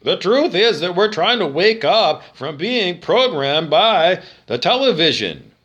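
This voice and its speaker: A man's voice: high voice, sing-song, measured pace, fairly bright tone, muffled recording. A man from Canada ranting to the camera, agitated and profane, repeating himself and firing off rhetorical questions. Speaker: video monologue speaker.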